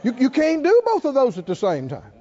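A man's voice: extremely high pitch, wildly swooping pitch, brisk, warm tone. An older man preaching a sermon in an emphatic, folksy way with bits of humor, on a slightly dull lo-fi recording. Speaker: pastor.

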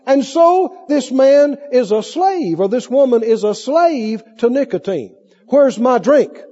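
A man preaching a sermon with lively delivery, playing out cravings in mock voices, recorded on a muffled tape in a hall. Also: extremely high pitch, measured pace.

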